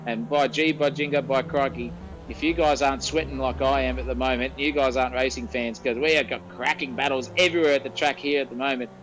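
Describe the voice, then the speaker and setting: A man's voice: medium pitch, steady tone, fast talker, faint music behind, rough recording. A man with an Australian accent calling a sim race, colloquial and breathless as the battle heats up. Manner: breathless, colloquial, shouting over the action. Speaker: race commentator. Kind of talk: excitable sim racing commentary.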